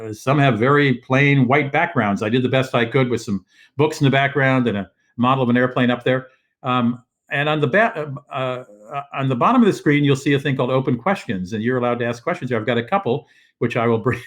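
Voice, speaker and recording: An older man hosting a casual show from his living room over a video call, rambling with many fillers and restarts. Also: mid-range voice. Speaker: host. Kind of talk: casual live-stream talk. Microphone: video call setup.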